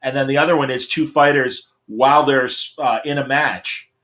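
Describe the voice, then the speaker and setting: Guy hosting a video call chat, excited, rambles and restarts a lot. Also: mid-range voice, normal speed. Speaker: podcast host. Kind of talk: casual chat.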